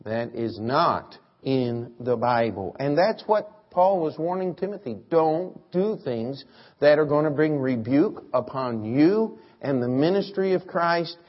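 A man's voice: fairly high pitch, expressive, a little slow. A man preaching a sermon, emphatic and asking the congregation rhetorical questions. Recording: muffled lo-fi sermon recording.

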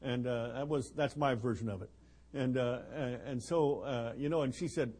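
A man's voice: mid-range voice, normal speed, dark tone, husky. A man in his seventies preaching a folksy sermon at a missions conference, joking and rambling with chuckles and fillers.

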